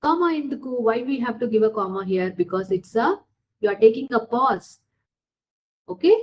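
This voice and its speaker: Lively Telugu-accented woman teacher. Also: mid-range voice, low-quality recording. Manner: explains slowly, repeats points, asks and answers her own questions. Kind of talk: classroom lesson.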